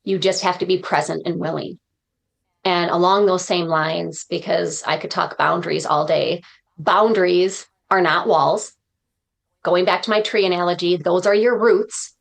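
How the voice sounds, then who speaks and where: A woman's voice: lowish voice, steady tone, normal speed, vocal fry. A woman guest on a podcast, a motivational speaker talking in an earnest, reflective way and dropping uplifting sayings. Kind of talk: podcast interview conversation.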